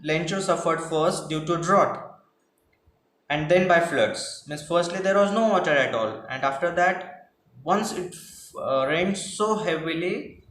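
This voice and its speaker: Teacher guy, patient, says everything twice, kinda high voice, roomy echo. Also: fairly bright tone. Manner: patient, repeats and rephrases points. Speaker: English teacher. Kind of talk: explaining class projects. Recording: echoey room with faint noise.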